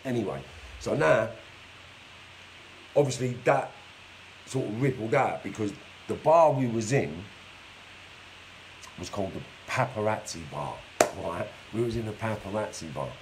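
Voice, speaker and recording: On a live stream, a man tells his life story in a blunt, streetwise monologue, swearing constantly. His voice sits on the low side with lively intonation and a measured pace, and he pauses often. It sounds like a phone or webcam, with a little hiss or hum and rough recording quality.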